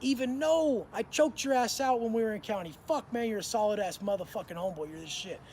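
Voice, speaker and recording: A man's voice: high voice, quick pace, darkish tone, a little hiss or hum. A man in his thirties telling prison stories in a blunt, profane, slang-heavy way. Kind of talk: casual storytelling to camera.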